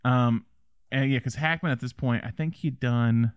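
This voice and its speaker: A mid-pitched man with a Southern American accent chats loosely about films on a podcast, drifting between thoughts and voicing little quoted exchanges. The sound is dry and close to the mic. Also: moderate pace, clear, resonant tone, dry recording. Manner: chatty, rambling, with animated quoted asides. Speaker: podcast co-host. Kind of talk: casual film discussion.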